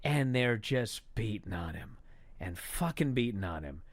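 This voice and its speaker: A man angrily recapping a wrestling show in a profane, exasperated rant that builds to shouting. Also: fairly low pitch, very animated, a little slow, dry recording.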